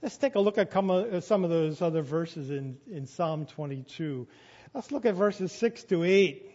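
A man preaching a sermon, going from quiet to loud when he quotes scripture. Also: on the high side, animated, moderate pace. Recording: dull sound with long reverb of a hall.

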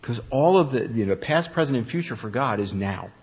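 A man preaching a conversational sermon, telling the story with animated, acted-out speech. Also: medium pitch, brisk, breathy edge. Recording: dull lo-fi recording.

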